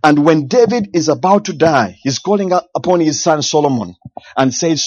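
A man's voice: on the high side, animated, normal speed, a little mellow, no echo. Fervent male preacher, dull dry sound. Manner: fervent, repeating phrases for emphasis. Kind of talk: sermon.

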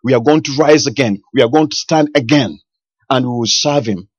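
A man preaches with fervor, hammering home repeated phrases in a mid-pitched voice. The sound is slightly dull and dry, with little room around it. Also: fairly quick, dry recording. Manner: fervent, repeating phrases for emphasis. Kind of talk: sermon.

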